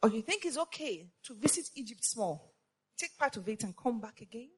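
A woman preaching a sermon to women, passionate and repetitive, firing rhetorical questions and rising to shouts. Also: on the high side, big pitch swings, moderate pace, breathy edge.

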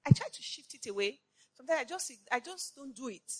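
A woman preaching a sermon to women, passionate and repetitive, firing rhetorical questions and rising to shouts. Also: high voice, animated, a little fast.

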